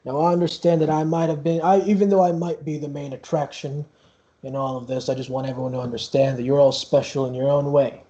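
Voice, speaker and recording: A man's voice: on the high side, little pitch movement, fast, dark tone, dull audio, lightly acted. A man voicing a flamboyant, vain male keytar star who gushes at everyone. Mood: gushing. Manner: showy, self-adoring.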